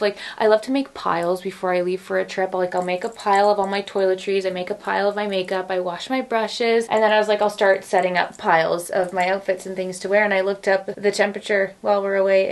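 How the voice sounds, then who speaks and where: Woman vlogger rambling to camera, lots of likes, a bit of gravelly fry, jokes at her own expense. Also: medium pitch. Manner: chatty, filler-heavy, self-deprecating. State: out of breath on the stairs. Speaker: lifestyle vlogger. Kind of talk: casual vlog chat to camera.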